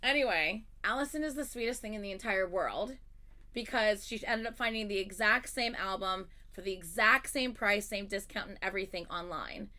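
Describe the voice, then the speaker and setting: A woman's voice: mid-range voice, normal speed, bright, forceful tone. A woman hosting a livestream, chatting casually and animatedly as she tells a story, swearing freely. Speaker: livestream host.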